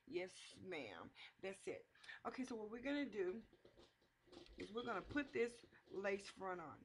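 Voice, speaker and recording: A woman's voice: mid-range voice, lively intonation, unhurried, slight background noise. A middle-aged woman hosting a playful, joking wig tutorial, talking sassily to her viewers. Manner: sassy, joking, addresses viewers as y'all and baby. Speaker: vlogger's mother doing a wig tutorial.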